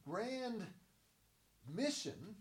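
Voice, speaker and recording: Guy teaching bible passages, talks slow, repeats words for emphasis, asks and answers his own questions. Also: sits high, very animated, husky.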